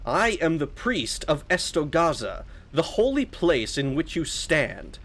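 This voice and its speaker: A man voicing a stern, pompous old male priest from a video game, speaking slowly and loftily. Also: fairly high pitch, sing-song, a bit bright, full character voice. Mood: solemn. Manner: slow, solemn and lofty.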